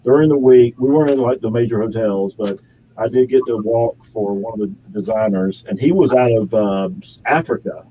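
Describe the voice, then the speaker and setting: A man talks as a guest in a casual interview, rambling from one anecdote to the next and laughing as he goes. His voice is dark and mellow, recorded in his home studio with a faint hum of room noise behind him. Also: on the low side, normal speed, lo-fi sound. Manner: rambling, chatty storytelling with frequent laughs. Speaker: actor and model, guest.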